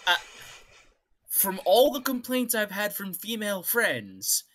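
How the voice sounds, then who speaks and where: Exasperated co-host with a bright, lively voice. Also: medium pitch, takes it slowly. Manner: exasperated, incredulous ranting. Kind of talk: casual comedic commentary.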